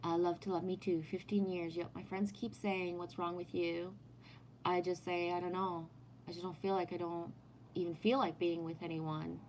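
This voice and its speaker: A woman's voice: lowish voice, little pitch movement, normal speed, a little mellow, slight background noise. Rambling, foul-mouthed middle-aged woman livestreamer. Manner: chatty, swears freely, trails off mid-thought. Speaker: livestreamer reading chat. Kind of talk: casual rambling chat.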